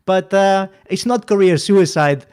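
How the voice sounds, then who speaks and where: A man from Spain with a notably high voice talks as a comedian guest on a podcast, earnest and emphatic. He leans on his points and drives them home. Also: a little slow, darkish tone, clean tone. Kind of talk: casual podcast chat.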